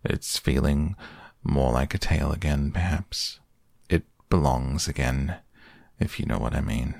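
A man voicing a gloomy, self-pitying old male donkey, speaking in a slow, mournful, resigned way in a soft bedtime storybook reading. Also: very deep voice, creaky, no room sound, clean studio sound, exaggerated voice.

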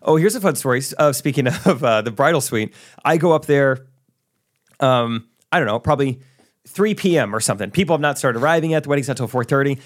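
A young man co-hosting a podcast, telling wedding stories in casual chat and acting out quotes with excitement. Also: mid-range voice, quick pace. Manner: storytelling, excitable, acts out quotes. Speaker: podcast co-host.

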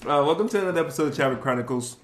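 A man's voice: on the high side, lively intonation, very fast. A young man co-hosting a podcast, teasing and profane, laughing a lot. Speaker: podcast co-host. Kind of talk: casual podcast banter. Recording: echoey room, clear noise.

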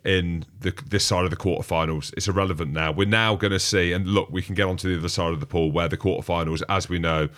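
A man's voice: low voice, fast, hardly any pauses. A man co-hosting a rugby podcast, talking casually and animatedly, acting out what others said as he tells stories. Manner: animated storyteller who acts out quotes. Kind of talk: casual sports chat.

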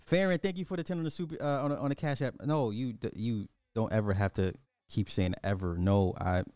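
A man's voice: mid-range voice, a little fast, darkish tone, dry recording, clean studio sound. A middle-aged man hosting a livestream, ranting bluntly and with profanity in casual commentary, repeating his points for emphasis. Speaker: livestream host.

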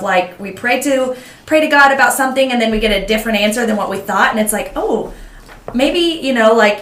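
A woman's voice: mid-range voice, a bit bright. Hesitant woman in an echoey room. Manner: hesitant, many fillers like um and like. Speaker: podcast co-host. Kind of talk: faith-based casual chat. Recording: roomy echo.

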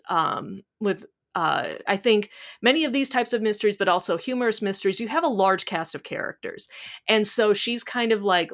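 A woman's voice: medium pitch, a bit bright. A woman with a Midwestern accent, co-hosting a book podcast and chatting casually with lots of ums and restarts. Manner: chatty, many fillers and restarts. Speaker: podcast co-host.

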